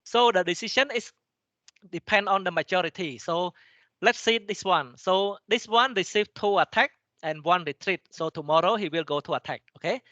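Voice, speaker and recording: A man with a Cambodian accent, a native Khmer speaker, lecturing in a halting way, with many restarts and frequent "okay?" checks to the class. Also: sits high, bright, forceful tone, dry recording, highs cut off. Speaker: teacher. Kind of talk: lecture explaining slides, switching between English and Khmer.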